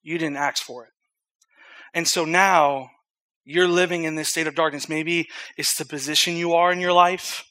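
Bright-voiced man preaching a sermon. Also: a little high, steady tone, moderate pace. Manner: earnest, conversational storytelling with loud emphatic scripture reading.

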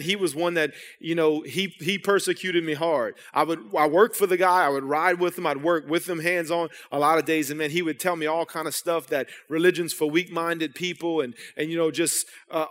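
A man's voice: fairly high pitch, fairly bright tone. Man preaching in a reverberant church. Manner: storytelling, conversational with repeated restarts. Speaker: pastor. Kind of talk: sermon. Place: church sanctuary. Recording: long hall reverb in church.

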